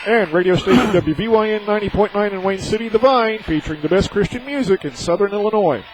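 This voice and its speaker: High-voiced man on a noisy radio broadcast. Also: fast talker. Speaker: color commentator. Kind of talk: local radio sports commentary and read sponsor spots.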